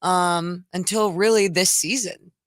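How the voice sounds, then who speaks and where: A woman's voice: on the low side, steady tone, a little slow, no room sound. A woman co-hosting a live sports radio show, bantering playfully with bursts of exclamation in a studio. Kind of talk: casual live sports talk.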